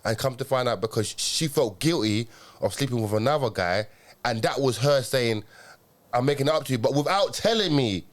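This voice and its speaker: Young man, mid-pitched, rambling, street slang, casual podcast talk. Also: expressive, brisk. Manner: rambling storytelling, slang and filler tags like "yeah?". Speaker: podcast co-host. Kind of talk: casual chat.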